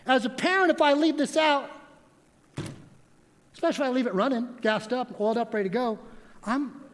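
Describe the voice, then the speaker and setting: High-voiced male pastor preaching. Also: fairly quick. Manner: animated storytelling with props. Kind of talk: sermon. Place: church sanctuary. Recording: long reverb of a church hall.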